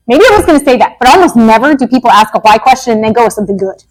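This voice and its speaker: High-pitched woman running a parent workshop, jokey and animated. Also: rough recording. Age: adult parent. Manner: lively, joking, acts out quick quotes. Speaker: behavior analyst presenter.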